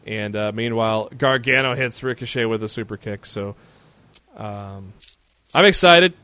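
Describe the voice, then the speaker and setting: A man's voice: on the low side, normal speed, pushed and bright, clean tone, no room sound. A man co-hosting a podcast, recapping the news casually and rambling with frequent fillers and restarts. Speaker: podcast co-host.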